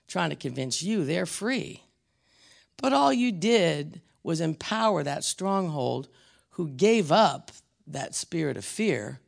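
Gravelly preacher man. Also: on the high side. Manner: slows down and drops to a whisper on key words; blunt and emphatic. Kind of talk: teaching sermon.

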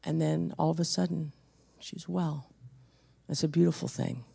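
A preacher giving an intense sermon with a personal testimony, dropping to hushed tones and then building to forceful exhortation. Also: mid-range voice, steady tone, normal speed, creaky, husky.

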